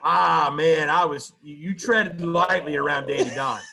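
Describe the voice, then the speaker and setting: A man's voice: fairly high pitch, fairly even intonation, measured pace, vocal fry, bright, forceful tone. A man co-hosting a sports talk show, joking and stammering a bit in casual chat. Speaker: podcast co-host.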